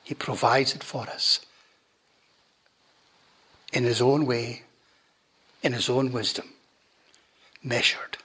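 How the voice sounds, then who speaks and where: A man preaching a sermon and leading a prayer, slow and deliberate, often dropping to a hush at the ends of phrases. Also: medium pitch, slightly rough. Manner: slow, deliberate preaching that drops to hushed endings.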